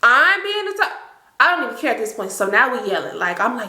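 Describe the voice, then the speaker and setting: A young woman, telling an animated, slangy storytime to her viewers. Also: on the high side, brisk, roomy sound. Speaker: storytime vlogger. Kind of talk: casual storytime.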